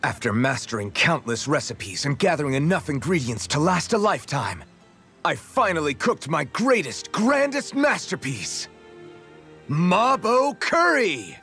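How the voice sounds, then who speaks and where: A man's voice: medium pitch, a little fast, few pauses, soft background music. An actor playing an earnest young male swordsman who proudly shows off his cooking, in a video game. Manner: eager, proud, lively.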